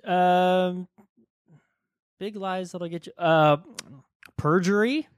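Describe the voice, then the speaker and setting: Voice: mid-range voice, drawn-out words, clean tone, no echo, clean studio sound. A podcast co-host chatting casually, with playful, teasing banter. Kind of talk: casual conversational podcast chat.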